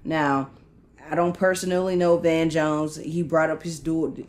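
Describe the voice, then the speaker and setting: A co-host on a podcast speaks at a middle pitch in a calm, measured way. The talk is a casual debate, and the words often restart as the speaker searches for a point. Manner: calm, hesitant, with many restarts.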